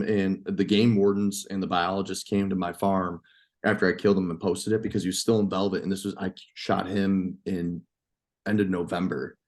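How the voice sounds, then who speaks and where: A man from New York, a farmer and hunter, telling a story as a podcast guest, excited and profane. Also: low-pitched. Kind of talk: casual storytelling.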